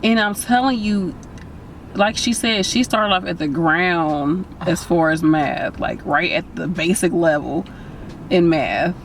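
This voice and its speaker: A woman's voice: on the low side, animated, takes it slowly, slight background noise. A woman hosting a casual interview, emphatic and encouraging as she speaks to her viewers. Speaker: host.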